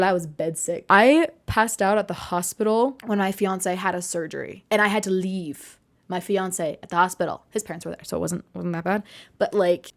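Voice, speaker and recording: A woman in her twenties tells a story to her vlog audience in a slightly low voice. She rambles along in a chatty way, full of asides and quick corrections. It sounds like an easygoing, personal storytime. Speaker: vlogger.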